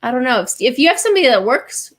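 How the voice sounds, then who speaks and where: A woman's voice: sits high, sing-song, racing. A woman from Canada with a General American accent, a guest in a casual live stream chat, giggly and rambling with many restarts.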